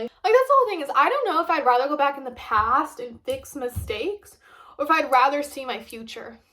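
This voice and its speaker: A woman's voice: high-pitched, fairly bright tone. A young woman vlogging casually, rambling chattily with lots of fillers while reviewing food.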